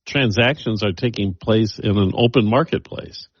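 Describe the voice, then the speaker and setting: Man, radio host, low and husky, conversational, dry and dull sound. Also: moderate pace, no echo. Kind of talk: radio talk segment.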